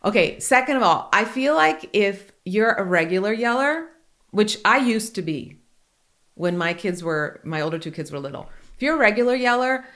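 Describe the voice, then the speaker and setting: A woman in her forties hosts a podcast in a mid-range voice at a normal speed. She's animated and casual, cracking jokes and telling candid stories.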